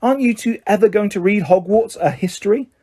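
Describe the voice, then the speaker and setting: A man voicing a stubborn, bookish teenage schoolgirl in a brisk, insistent manner. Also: sits high, darkish tone, voice pushed up. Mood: lecturing.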